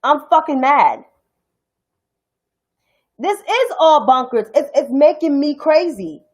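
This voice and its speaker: Woman, New York accent, young adult, profane heated political rant, fairly high voice. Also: big pitch swings, slow, low-quality recording. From New York City. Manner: profane, blunt, heated ranting. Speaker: political commentary streamer. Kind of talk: ranting political commentary.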